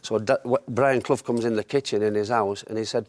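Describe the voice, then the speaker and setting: A man, a former footballer telling anecdotes in lively chat, often laughing at his own stories. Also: fairly low pitch, brisk, hardly any pauses, no room sound.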